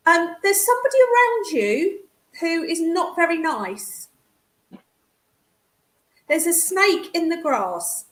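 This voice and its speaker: Woman, psychic medium, swooping lively pitch, affectionate chatter. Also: slow, long pauses, echoey room. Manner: animated, affectionate, calls sitter darling. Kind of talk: live psychic reading.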